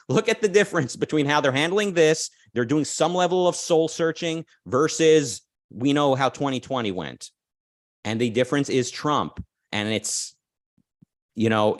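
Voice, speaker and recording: A man hosting a political commentary show, talking in an opinionated, animated way with frequent restarts and quick "right?" asides. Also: medium pitch, dry recording, studio quality. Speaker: podcast host.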